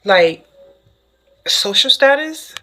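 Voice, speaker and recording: A woman giving a casual spoken tarot reading to the viewer, excitable and chatty, who keeps checking in with "okay?". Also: high voice, drawn-out words, low-quality recording. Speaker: tarot reader.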